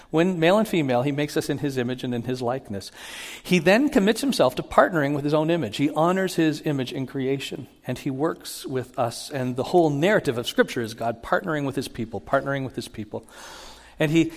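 A man giving a sermon as a pastor, teaching in an animated way and acting out Bible quotes with rising emphasis. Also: a little high. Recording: long hall reverb.

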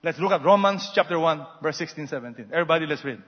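A man preaching a sermon, swinging between loud exhortations and soft asides and having the congregation repeat after him. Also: a little high, expressive, quick pace. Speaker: pastor. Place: large church hall. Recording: muffled sound with long hall reverb.

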